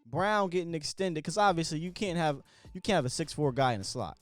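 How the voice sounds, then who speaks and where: A man with a fairly high voice hosts a relaxed sports talk show, chatty and jokey. He talks through his points loosely while faint music plays underneath. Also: brisk, no room sound.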